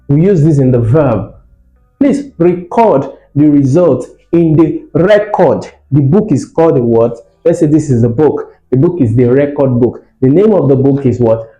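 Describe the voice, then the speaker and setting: A man teaching an exam prep lesson, lively and asking the class rhetorical questions while repeating example phrases. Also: mid-range voice, moderate pace, highs cut off, faint music behind. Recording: echoey room.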